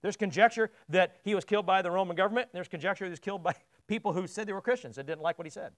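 Man, very high voice, preacher, conversational sermon, asks the congregation questions, repeats words when pressing a point. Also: racing.

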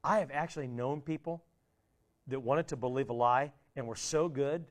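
A man pastor delivering a sermon, pleading and rhetorical, swinging between loud appeals and hushed quiet asides. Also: mid-range voice, moderate pace.

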